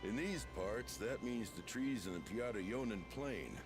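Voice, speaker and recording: An actor playing a grizzled, gruff railway engineer with a Southern US drawl. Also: male voice, mid-range voice, lively intonation, unhurried, natural voice. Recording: game audio with loud background music.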